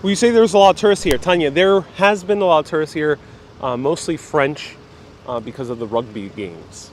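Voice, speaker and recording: A male travel vlogger streams live from his phone while walking through a city, reading viewer comments and chatting casually as thoughts come to him. He sounds fairly high-pitched and brisk, and traffic and street noise carry through the recording.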